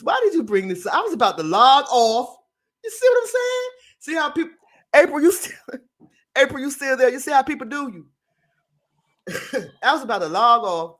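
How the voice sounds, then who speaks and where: High-voiced male host, live-stream talk show: reads the news, then sassy asides to "girl" and "honey", chatty, laughs a lot. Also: wildly swooping pitch, moderate pace, long pauses, fairly bright tone. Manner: chatty, laughs often, addresses the audience as y'all. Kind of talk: casual live-stream commentary reading news aloud.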